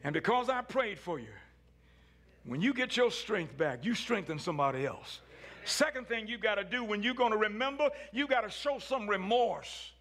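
A man preaching a sermon as pastor, swinging from hushed lines to shouts. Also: high voice, big pitch swings, moderate pace.

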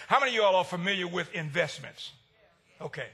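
A male pastor preaching a sermon, swinging between shouted lines and hushed ones. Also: high-pitched, expressive, a little fast, vocal fry, breathy edge, some chatter behind.

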